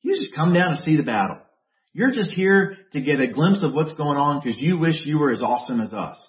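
A preacher acting out a scornful, condescending older brother, mocking and sneering, recorded in a roomy space with dull sound. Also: male voice, on the high side, very animated, fairly quick.

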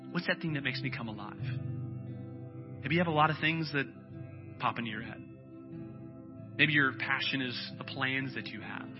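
Casual storytelling pastor, dull lo-fi sound. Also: male voice, medium pitch. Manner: conversational storytelling with frequent fillers. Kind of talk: sermon. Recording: dull lo-fi sound with faint music.

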